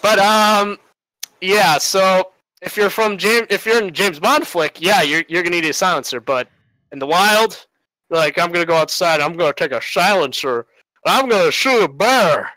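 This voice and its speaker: A man's voice: sits high, lively intonation, moderate pace, sharp tone, no echo, poor audio. A man giving a rambling, casual debate argument, full of fillers and little laughs.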